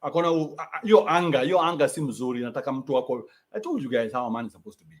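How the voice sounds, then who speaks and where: A man's voice: mid-range voice, expressive, fast talker, few pauses. A young adult man with a Kenyan accent, ranting bluntly in a profane, mocking livestream. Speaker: commentator. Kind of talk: livestream rant.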